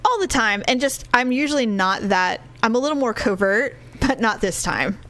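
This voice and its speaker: A middle-aged woman co-hosting a podcast, telling a story in casual chat, laughing often and swinging her pitch wildly when she quotes people. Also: animated, moderate pace, fairly bright tone. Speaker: podcast co-host.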